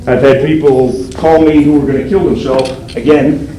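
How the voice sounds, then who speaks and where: Older man, storytelling speech, animated delivery, echoing room, faint background noise. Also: mid-range voice, normal speed. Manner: animated, acts out quoted voices. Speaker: federal agent speaking to police recruits. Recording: roomy hall sound, faint background noise.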